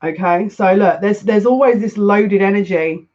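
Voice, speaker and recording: High-voiced man, teasing chatter. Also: moderate pace, a little mellow. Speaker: oracle card reader. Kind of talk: live oracle card reading. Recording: muffled lo-fi audio.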